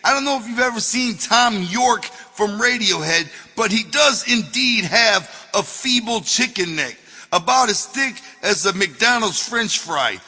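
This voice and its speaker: A man's voice: high-pitched, expressive, unhurried, pushed and bright, husky, in a large hall. A man reading his own memoir as an audiobook, telling it in a loose, profane way. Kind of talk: audiobook narration.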